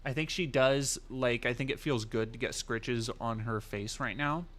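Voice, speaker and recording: A man's voice: medium pitch, moderate pace, fairly bright tone. Rambling, profane male livestreamer. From United States. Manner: rambling, profane, many fillers and restarts. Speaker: livestream host. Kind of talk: casual livestream commentary.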